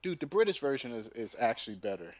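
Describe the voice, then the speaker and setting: A man streaming and chatting casually, telling rambling, profane stories in an animated way. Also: medium pitch, fast. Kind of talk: casual chat while streaming.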